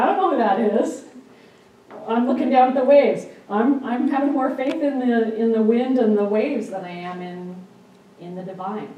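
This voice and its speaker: A woman minister delivers a sermon, telling scripture stories with lively quoted lines. Her tone is mellow and dark, and she sounds distant from the microphone. The room carries a heavy echo, with faint ambient noise behind her. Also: on the high side. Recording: echoey hall, speaker far from mic.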